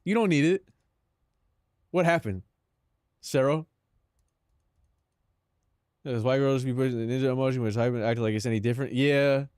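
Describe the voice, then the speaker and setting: A man's voice: medium pitch, moderate pace, pauses often, darkish tone, clear, resonant tone, dry recording. Slangy streamer guy, dry close sound. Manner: slangy, calls chat "bro", laughs between lines. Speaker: live streamer. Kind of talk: casual livestream chat.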